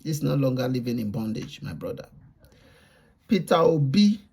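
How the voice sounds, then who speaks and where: A man's voice: medium pitch, big pitch swings, normal speed, vocal fry, warm tone, slightly rough. A Nigerian man giving casual reaction commentary, lecturing and repetitive, mixing Pidgin with English. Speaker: reaction vlogger.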